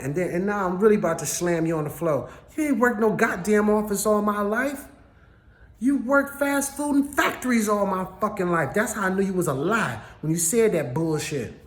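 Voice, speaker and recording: A man's voice: high-pitched, echoey room. A man ranting blunt and profane to camera in a personal vlog. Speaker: vlogger.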